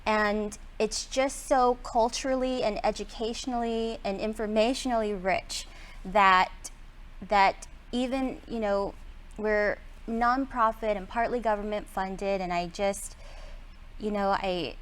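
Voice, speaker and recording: Young woman guest in a studio, earnest, kinda halting, sentimental. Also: mid-range voice, fairly even intonation. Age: young adult. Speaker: guest, public broadcaster staff. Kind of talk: casual studio interview. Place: radio or TV studio.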